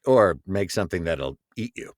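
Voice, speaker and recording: A man co-hosting a podcast in casual scripted banter, playful and slipping into quick put-on voices. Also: deep voice, animated, no echo, studio quality. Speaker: podcast co-host.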